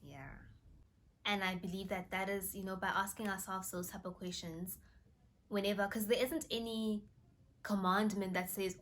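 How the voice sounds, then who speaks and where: A young woman vlogging from her bedroom, telling a faith story in a casual, animated way and reading scripture aloud. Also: medium pitch, normal speed. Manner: animated, exclaiming, reads scripture aloud, drops to a whisper in awe.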